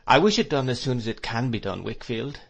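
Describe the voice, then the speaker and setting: A man voicing a kindly, absent-minded elderly male schoolmaster in a storybook reading, mild and hesitant with soft "uh"s. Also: medium pitch, lively intonation, fairly quick, gravelly, highs cut off. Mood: earnest. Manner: gentle, mild, hesitant with little "uh"s.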